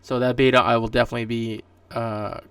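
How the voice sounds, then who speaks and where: Speaking fast and smoothly in a mid-range voice with little pitch movement, this Canadian podcast host talks through gaming news alone. His casual, rambling delivery is full of fillers and restarts. There is no room sound, though the mic sits at a distance in a dry room.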